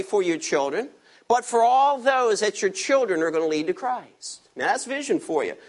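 A man preaching an expository sermon, emphatic and dropping his voice low on key words. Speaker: pastor.

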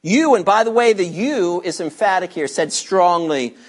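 A man's voice: high voice, normal speed. A man preaching a sermon, teaching verse by verse and asking his listeners rhetorical questions with strong emphasis. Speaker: pastor.

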